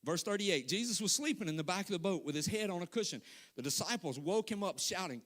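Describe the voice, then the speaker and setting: A man's voice: high voice, lively intonation, fast talker, a bit bright. A man from Alabama delivering a sermon as a guest speaker, emphatic and conversational, repeating phrases for stress. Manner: conversational, talks straight to the congregation.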